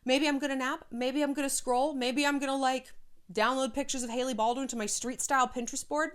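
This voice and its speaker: A woman giving frank, animated life advice in a casual vlog, a little short of breath and sighing now and then. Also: high-pitched, brisk, clean tone. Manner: frank, animated, swears, slips into quoted voices.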